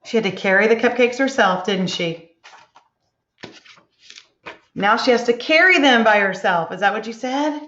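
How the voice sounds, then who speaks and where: A woman teacher leading a slow, encouraging reading lesson for young children, asking many tag questions. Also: fairly high pitch, fairly bright tone, slight background noise. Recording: echoey room, dull lo-fi sound.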